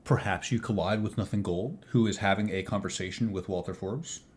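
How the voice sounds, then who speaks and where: A man narrating as game master in a tabletop game, calm and measured. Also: on the low side, husky.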